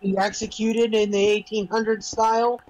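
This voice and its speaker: Chatty, slightly high-voiced male gamer. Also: little pitch movement, moderate pace, a little mellow, low-quality recording. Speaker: let's play host. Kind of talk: casual gaming chat.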